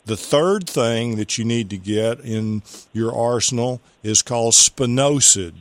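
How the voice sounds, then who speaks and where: A man's voice: mid-range voice, a little slow, dry recording. A man hosting a call-in gardening radio show, giving rambling, folksy advice and spelling out product names.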